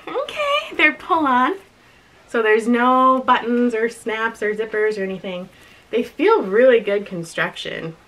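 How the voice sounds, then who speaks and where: On a poor-quality recording with slight background noise, a young woman with a somewhat high, sharp voice reviews a clothing box. She giggles a lot and talks to herself casually as she unboxes and tries things on.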